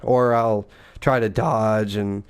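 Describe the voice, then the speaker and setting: A man's voice: fairly low pitch, level tone, slow pace, smooth. A man and father, co-hosting a casual gaming chat, rambling and profane, acting out the lines people said. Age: adult father. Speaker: gaming podcast co-host.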